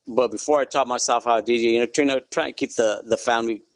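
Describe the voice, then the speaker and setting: A middle-aged man, a guest in an interview, telling his story in a relaxed, good-humored way and saying "you know" often. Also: mid-range voice, fast, no room sound. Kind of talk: casual interview.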